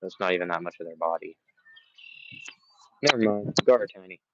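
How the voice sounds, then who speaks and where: A man's voice: sits low, brisk, muffled recording, very noisy. A man chatting on a live fishing stream outdoors by the water, playfully taunting the fish he is after. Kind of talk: casual live-stream chat.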